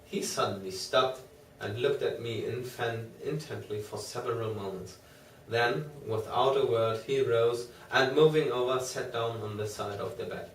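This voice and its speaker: Slow, measured male audiobook narrator. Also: mid-range voice. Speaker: audiobook reader. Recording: roomy, distant mic, faint noise.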